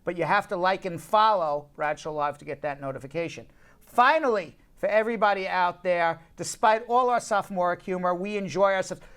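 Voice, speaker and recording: A man's voice: fairly quick, fairly bright tone, smooth. Joking male talk show host. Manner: joking and laughing, then earnest, repeating the hotline pitch. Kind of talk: live show banter, then a call-in pitch.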